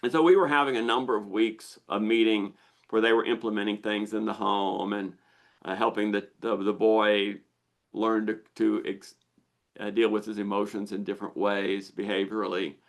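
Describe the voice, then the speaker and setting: A man's voice: on the low side, fairly even intonation, moderate pace, vocal fry. A man, a therapist hosting a Q&A, explaining in plain talk and often repeating phrases for emphasis. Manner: repeats phrases, acts out quotes.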